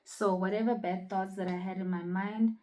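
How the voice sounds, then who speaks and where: Young woman vlogger from South Africa, earnest testimony, flat mellow delivery. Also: mid-range voice, moderate pace, a little hiss or hum, rough recording. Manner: earnest, reflective, many fillers. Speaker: vlogger sharing a personal testimony. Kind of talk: casual personal storytelling.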